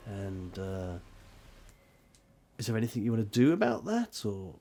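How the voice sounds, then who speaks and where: A man running a tabletop role-playing game as game master, narrating scenes in a rambling, animated, self-mocking way. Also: lowish voice, unhurried, a little hiss or hum.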